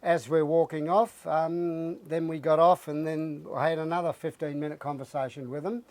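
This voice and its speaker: A middle-aged Australian man, an interview guest, telling his story with animated flair and acting out his own lines. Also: a little high, normal speed. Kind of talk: casual interview.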